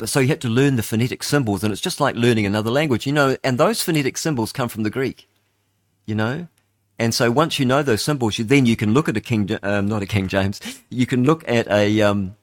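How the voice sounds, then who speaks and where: Rambling older New radio host. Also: male voice, on the low side, no echo, clean studio sound. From New Zealand. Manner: rambling, chatty, with frequent fillers and restarts. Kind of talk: casual talk-radio monologue.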